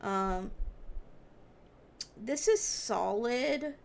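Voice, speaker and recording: A woman's voice: fairly high pitch, expressive, extremely slow, creaky. A young woman streamer giving casual game advice, thinking aloud with lots of fillers. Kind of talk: casual game guide commentary on a live stream. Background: background music and keyboard typing.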